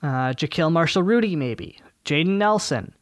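Higher-voiced man hosting a sports podcast. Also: animated, moderate pace, dry recording, clean studio sound. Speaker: podcast host. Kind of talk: casual sports podcast chat.

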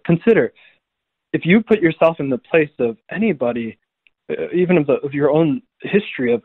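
Priest on a tinny phone line. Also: male voice, fairly high pitch, husky, dry recording. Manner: animated storytelling, acts out quoted voices. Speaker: priest guest. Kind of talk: conversational radio talk on faith.

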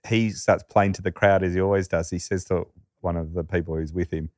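A man telling a story on a podcast in a lively, chatty way. His voice is low, and the recording is dry and close. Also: a little fast, dry recording. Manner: lively storyteller, quotes characters. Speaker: podcast co-host. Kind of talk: storytelling chat.

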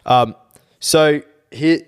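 A man's voice: fairly high pitch, extremely slow, smooth. A young man, co-hosting a podcast, giving blunt, laid-back opinions and swearing often. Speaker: podcast co-host. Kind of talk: casual chat.

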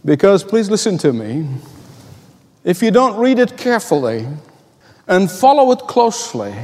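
A man's voice: high voice, big pitch swings, measured pace, long pauses, darkish tone, big-room sound. A middle-aged male pastor delivering a sermon, earnest and emphatic, telling stories and asking rhetorical questions.

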